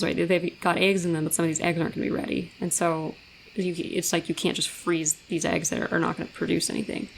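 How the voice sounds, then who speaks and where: A woman's voice: fairly low pitch, slight background noise, poor audio. A young woman co-hosting a podcast, talking frankly and bluntly about a personal experience, swearing freely. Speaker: podcast co-host. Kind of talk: candid personal conversation.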